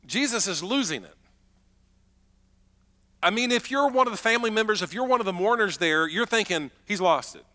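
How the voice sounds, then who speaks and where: A man's voice: high-pitched, animated, fairly quick, pauses often, sharp tone, long reverb tail. A man preaching a sermon as pastor, telling the story in a chatty, conversational way with acted-out asides.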